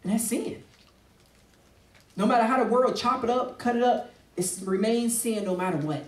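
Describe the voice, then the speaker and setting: Speaking at a normal pace in a very high-pitched voice, a male pastor preaches fervently as part of a discussion. He stresses his points and voices the people he quotes, with a roomy sound from a far-off microphone.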